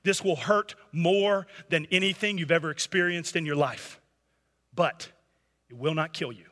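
A man voicing a calm, honest angel speaking steadily and solemnly. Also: fairly high pitch, measured pace, long reverb tail.

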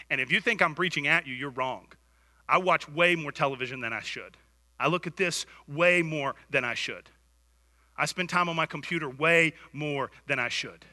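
A man preaching a sermon as pastor, telling stories with lively swings from hushed to loud. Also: a little high. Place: church sanctuary. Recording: church hall reverb.

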